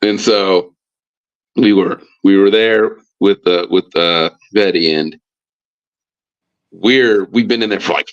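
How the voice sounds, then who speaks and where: A man's voice: lowish voice, lo-fi sound. A man, a football coach, telling a casual story on a podcast, full of fillers and restarts. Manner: rambling with many fillers and restarts. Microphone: live stream mic.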